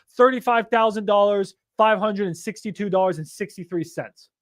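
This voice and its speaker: A man coaching in a casual, animated and profane way, acting out phone calls with sellers. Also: high-pitched, moderate pace, hardly any pauses, no echo, clean studio sound. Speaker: real estate investing coach.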